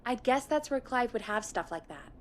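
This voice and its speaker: A woman voicing Peggy, a brisk, helpful radio-station colleague in a video game. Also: on the high side, animated, slight background noise, lightly acted.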